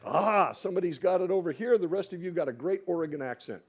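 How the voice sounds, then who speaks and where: A man's voice: sits high, lively intonation, fast talker, a little mellow, a faint crowd. A man speaking at a church dinner, teaching the audience in a friendly way and coaxing them to repeat after him. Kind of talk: sermon-style teaching. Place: hall with an audience.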